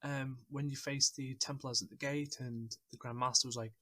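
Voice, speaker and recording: A man's voice: mid-range voice, steady tone, moderate pace, sharp tone, no room sound. A man hosting a casual podcast chat, talking enthusiastically and rambling a little with fillers. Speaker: podcast host.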